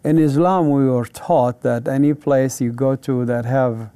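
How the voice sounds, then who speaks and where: A man's voice: medium pitch, fairly even intonation, a little slow, dark tone, smooth, no room sound. A middle-aged man from Palestine, telling his personal testimony in an earnest, vivid way. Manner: earnest, vivid storyteller who acts out quoted dialogue. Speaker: interviewee giving a testimony.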